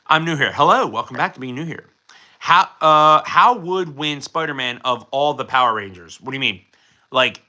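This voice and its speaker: Young male streamer, very bright tone, casual rambling chat answering viewers. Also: medium pitch. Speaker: streamer showing his collection.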